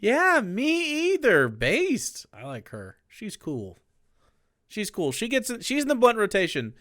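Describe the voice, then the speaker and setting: A man streaming live, giving casual, sarcastic, rambling commentary with animated bursts. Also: high voice, measured pace, no echo, studio quality.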